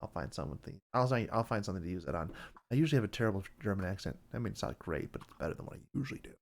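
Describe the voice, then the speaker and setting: A man's voice: low voice, expressive, racing, gravelly, slight background noise. Rambling dry-humored male podcaster. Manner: rambling, dry, self-deprecating, many fillers. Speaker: podcast host. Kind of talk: casual podcast chat.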